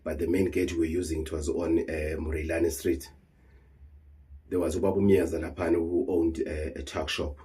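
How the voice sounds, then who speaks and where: A man's voice: deep voice, flat delivery, moderate pace, dark tone, husky. A South African man, a traditional healer, talking heatedly and earnestly to camera, repeating words and mixing in Zulu phrases. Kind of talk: emotional monologue to camera.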